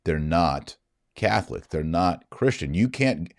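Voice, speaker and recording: A middle-aged man with a deep, low voice hosts a casual podcast monologue. He tells his story in an animated way and acts out the voices of the people in it. The sound is dry and close to the mic. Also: a little slow, creaky, dry recording. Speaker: podcast host.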